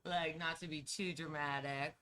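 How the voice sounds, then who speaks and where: A woman chatting as a podcast guest, telling lively personal stories and laughing easily. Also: low-pitched, normal speed, slight background noise. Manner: animated storyteller, laughs easily. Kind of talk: casual storytelling chat.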